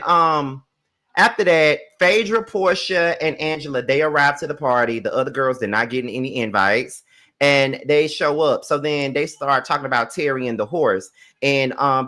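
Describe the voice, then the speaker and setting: A man giving a casual, profane recap of a TV episode, with lots of fillers and swings between loud outbursts and quiet asides. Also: medium pitch. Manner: chatty and profane, with many fillers. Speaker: TV show reviewer.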